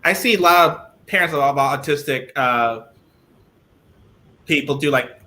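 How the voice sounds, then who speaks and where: A man being interviewed over a video call, who often restarts his sentences while he searches for words and says he talks loudly. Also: on the high side, unhurried. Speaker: guest. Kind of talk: live-streamed interview.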